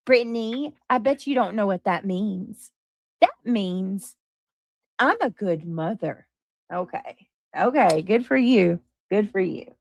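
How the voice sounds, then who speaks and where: Woman streamer host, emphatic and defensive, mid pitch, dry close sound. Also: lively intonation, a little slow, no room sound. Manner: emphatic, defensive, talking to chat. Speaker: livestream host. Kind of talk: livestream chat.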